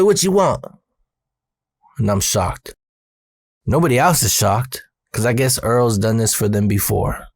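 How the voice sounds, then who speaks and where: A man's voice: medium pitch, creaky, no room sound, clean studio sound. A man telling a personal story in a casual, profane, streetwise way.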